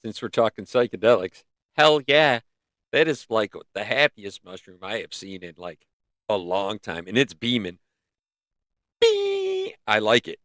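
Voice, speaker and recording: A man's voice: on the low side, moderate pace, fairly bright tone, no room sound, clean studio sound. Rambling man hosting a livestream. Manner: rambling, musing, with many restarts. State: throat giving out. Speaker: livestream host. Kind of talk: casual livestream chat. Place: in northern North America. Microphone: close mic.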